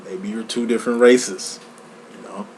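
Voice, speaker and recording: A man giving a casual tarot reading, talking in a profane, slang-heavy, animated storytelling way. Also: on the low side, normal speed, a little hiss or hum. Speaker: tarot reader. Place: lives in Chicago.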